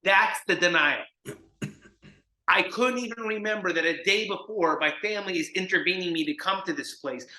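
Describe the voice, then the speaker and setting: Guy from jersey telling a story on a video call, bright and a bit high, room echo. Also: moderate pace. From New Jersey. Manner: animated, acts out the people in his stories. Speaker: guest, recovery mentor. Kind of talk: storytelling in an interview. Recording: echoey room.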